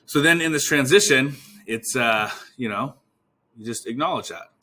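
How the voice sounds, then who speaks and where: A man's voice: mid-range voice, normal speed, pushed and bright. A man coaching physical therapists on sales calls, energetically acting out both sides of example conversations. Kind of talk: instructional talk with role-played call examples.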